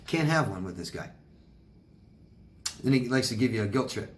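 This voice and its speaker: A male life coach of middling pitch gives blunt, emphatic advice to viewers. He says his key points again and again and mixes in sympathetic sighs and exclamations. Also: expressive, normal speed. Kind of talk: answering viewer questions on video.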